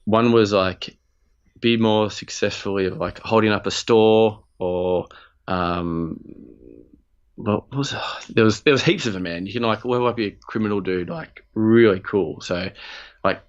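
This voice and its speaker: Aussie guy chatting on a podcast, lowish voice, rambly and sweary, kinda dull lo-fi sound. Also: unhurried. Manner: rambling and loose, casual swearing, lots of fillers. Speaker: podcast co-host. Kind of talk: casual chat.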